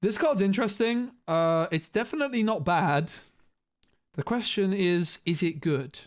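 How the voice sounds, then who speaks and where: A man's voice: high voice, lively intonation, unhurried. A man streaming a casual card review, thinking aloud with frequent restarts.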